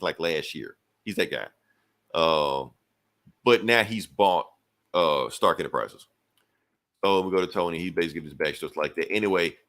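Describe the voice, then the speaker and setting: A man's voice: low-pitched, a bit bright. A man hosting a podcast, casually recapping a comic book in a rambling, slangy way. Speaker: podcast host.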